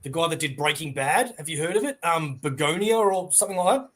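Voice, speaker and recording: A man chatting casually on an online hangout show, animated and acting out quotes as he retells a show. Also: a little high, fast talker. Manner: animated storyteller, acts out quotes.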